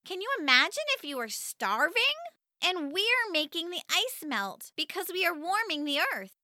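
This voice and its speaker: A woman narrating a children's story in the first person, highly expressive and animated. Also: moderate pace, no room sound, clean studio sound.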